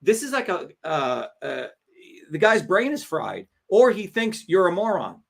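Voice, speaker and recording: A man's voice: high-pitched, very animated, unhurried, gravelly. A man hosting a livestream, delivering heated, combative political commentary with profanity and mockery. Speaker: livestream host.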